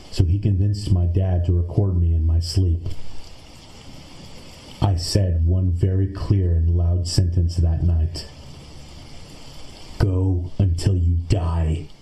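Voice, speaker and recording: Deep, slow, flat-voiced male narrator. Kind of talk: scripted narration of creepy stories. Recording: echoey room with faint noise.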